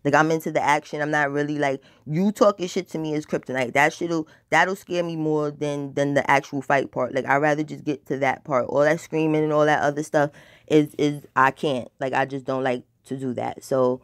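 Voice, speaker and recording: A woman's voice: deep voice, fairly even intonation, moderate pace, no echo, clean studio sound. A woman telling a casual personal story in a blunt, profane, dramatic way, rambling with filler words. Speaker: storytime vlogger.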